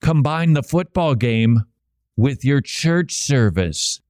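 Sarcastic man from Minnesota, radio host, lively pitch, dry close mic. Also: slow, dry recording. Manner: animated, sarcastic, laughs often. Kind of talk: opinionated commentary.

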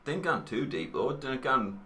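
A man's voice: mid-range voice, sing-song, normal speed, sharp tone. A man co-hosting a podcast in casual chat, laid-back and dropping wry asides. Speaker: podcast co-host.

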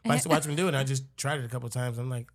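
A middle-aged man at an ordinary pitch talks casually as a podcast guest. He rambles in a laid-back way, restarts his sentences, and lets his voice drop low and soft. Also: rapid-fire, dry recording, studio quality. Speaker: guest rapper. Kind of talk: casual chat.

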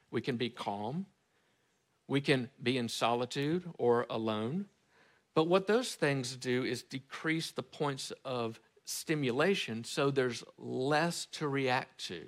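A male pastor delivering a sermon in an easygoing, conversational manner. He asks his congregation questions and shifts his pace, slowing down on key words and speeding up through asides. His voice sits at an ordinary middle pitch for a man.

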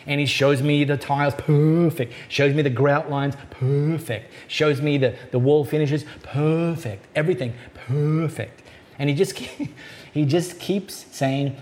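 A man preaching a sermon as a pastor, in a conversational way, slowing down to stress key points. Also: on the high side, a little mellow.

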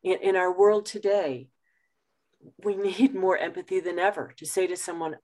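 A woman, presenting an online workshop in a measured, emphatic way and laughing easily. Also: on the low side, steady tone, darkish tone. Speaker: communication trainer. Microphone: video call.

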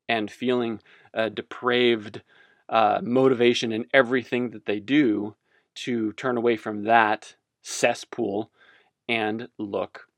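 A man's voice: mid-range voice, dry recording, clean studio sound. A man giving casual religious commentary as a podcast host, rambling and self-amused, wandering off on tangents.

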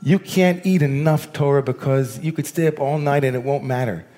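A man, a rabbi giving a sermon, telling stories that swing between animated bursts and hushed, slow lines. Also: a little high.

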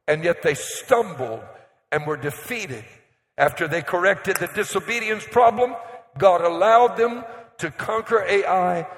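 A man preaching a sermon as pastor, calling out to the congregation and rising to shouts. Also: high voice. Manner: preaching, builds to shouting and call-and-response. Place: church sanctuary. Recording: echoey hall with long reverb.

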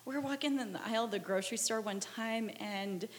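A mother telling a lively, embarrassed story about her son, laughing along. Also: on the high side, brisk, in a large hall, a little hiss or hum. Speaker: parent sharing a story. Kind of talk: casual storytelling.

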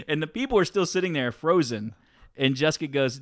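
Co-hosting a laid-back podcast, a man with a fairly high voice speaks at a normal speed. He spins lively stories and laughs a lot as the casual conversation rolls on.

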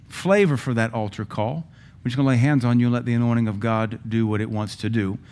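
A man's voice: mid-range voice, a little mellow. A male pastor preaching a sermon in a church sanctuary, conversational and emphatic, with self-deprecating asides.

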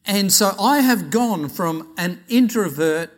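Australian man, middle-aged pastor; slightly high voice, chatty sermon storyteller acting out the dialogue. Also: takes it slowly. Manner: chatty anecdotal, animated retelling of dialogue.

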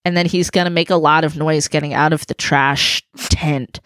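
A woman's voice: deep voice, steady tone, normal speed, fairly bright tone, dry recording. A young woman co-hosting a podcast in casual chat, jokey and playful, spinning out silly bits. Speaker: podcast co-host.

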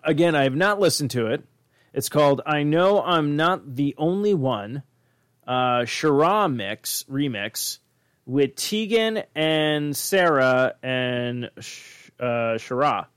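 A young man hosting a casual chat, animated and profane, often acting out quotes. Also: a little high, takes it slowly, clear, resonant tone, no room sound, studio quality. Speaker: podcast host.

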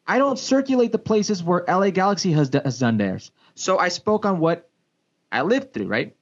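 A man, a sports broadcaster and former pro soccer player, telling a story in a casual podcast chat, with big pitch swings and frequent restarts. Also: sing-song, moderate pace. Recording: dull lo-fi podcast audio.

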